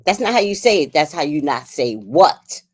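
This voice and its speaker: A livestream host with a New York accent delivers casual commentary, chatty and blunt, cursing freely and often laughing. She has a deep voice with big pitch swings at normal speed, and the recording has no room sound.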